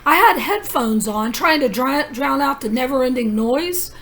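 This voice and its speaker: A woman's voice: high-pitched, animated, normal speed, fairly bright tone. A woman vlogging in a rambling personal monologue, telling her story in an urgent, conspiratorial way with many asides.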